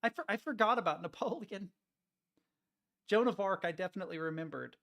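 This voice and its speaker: A man's voice: sits high, expressive, a little fast, gravelly, fairly bright tone. A man chatting casually with his live-stream chat, joking, laughing often and rambling through self-interruptions. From United States.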